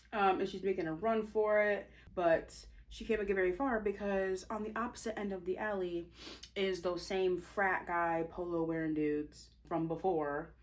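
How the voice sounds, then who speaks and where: A young woman telling a story in a casual, animated, slangy way while doing her makeup. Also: medium pitch. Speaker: vlogger and author.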